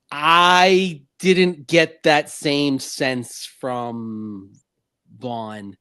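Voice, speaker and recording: A man co-hosting a sports talk radio show, talking in an animated, rambling way with frequent restarts. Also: mid-range voice, dry recording.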